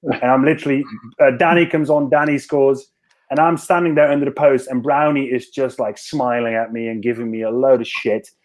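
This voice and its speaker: A man's voice: mid-range voice, fairly even intonation, brisk. A man who played rugby, telling a long story in a casual podcast chat, rambling and self-mocking with lots of restarts. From Scotland. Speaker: podcast guest, former rugby winger.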